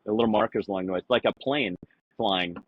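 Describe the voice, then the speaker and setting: A man in a casual podcast conversation, rambling through anecdotes with lots of "you know" and acting out quoted lines in a higher voice. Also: fast talker, dull audio, a little hiss or hum. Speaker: podcast guest.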